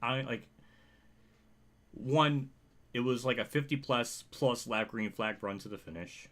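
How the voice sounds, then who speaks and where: Bright-voiced man ranting emotionally. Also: medium pitch, a little slow. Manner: rambling, emotional, swears often. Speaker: racing game streamer. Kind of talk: emotional livestream commentary.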